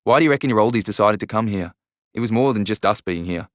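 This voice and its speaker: A man's voice: lowish voice, quick pace, no echo, studio quality, natural voice. A man voicing a blunt, easygoing young man who talks with matter-of-fact reassurance. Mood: steady.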